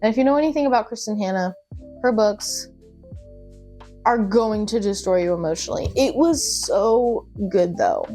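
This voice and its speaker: A woman's voice: medium pitch, lively intonation, moderate pace, dark tone, soft background music. Chatty young woman gushing about books. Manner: chatty and gushing, with laughs and asides. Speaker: book vlogger. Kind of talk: casual chat.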